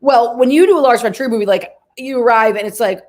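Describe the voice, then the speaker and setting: A middle-aged actress as an interview guest, chatting casually and laughing, who slips into quick impressions while telling stories. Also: female voice, on the high side, darkish tone.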